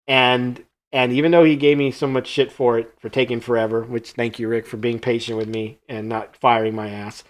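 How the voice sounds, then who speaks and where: A man speaks casually as host of a live stream from his own art studio. His voice sits at an ordinary middle pitch. He tells a long story with energy, acting out what each person said and dropping into quiet asides. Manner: animated anecdote-telling that acts out quoted dialogue, trailing off quietly. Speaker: host and creature sculptor.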